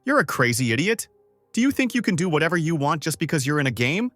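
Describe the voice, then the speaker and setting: A man voicing a furious young male gamer who shouts threats in a raised voice. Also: fairly high pitch, wildly swooping pitch, brisk, no room sound, faint music behind, pitched above the performer's own voice, exaggerated voice. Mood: enraged. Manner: shouting in rage.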